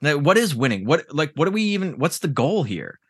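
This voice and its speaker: A man's voice: a little high, big pitch swings, a little fast, fairly bright tone, breathy edge, no echo, studio quality. A man in casual podcast chat, ranting with profanity and sarcasm.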